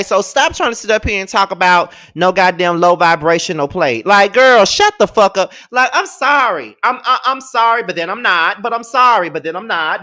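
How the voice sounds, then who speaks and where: A man's voice: high-pitched, bright, forceful tone. A man giving a casual rant as a commentator, sassy, profane and emphatic.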